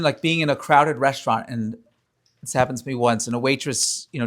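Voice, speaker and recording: A rabbi giving an earnest, story-filled inspirational talk to a gathering during a prayer service. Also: male voice, mid-range voice. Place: room with a live audience.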